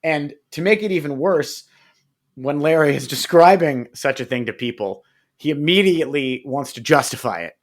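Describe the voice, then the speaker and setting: A man's voice: on the high side, animated, normal speed. A man co-hosting a sports podcast, talking in a hesitant, filler-heavy way and telling jokes. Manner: hesitant, many fillers and restarts, tells jokes. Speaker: podcast co-host. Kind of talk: casual chat.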